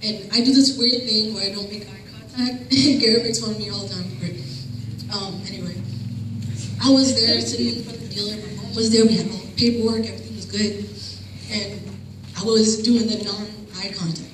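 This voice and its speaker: A woman's voice: medium pitch, fairly even intonation, a little fast. A woman sharing a personal testimony with a group in a chatty, self-conscious way, often laughing and apologizing. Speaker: church member giving testimony. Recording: echoey room, distant mic, noisy.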